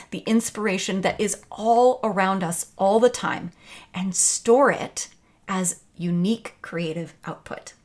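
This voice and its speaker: A woman teaching a video lesson on creativity, talking in an enthusiastic, conversational way. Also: mid-range voice. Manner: enthusiastic, conversational, acts out quotes.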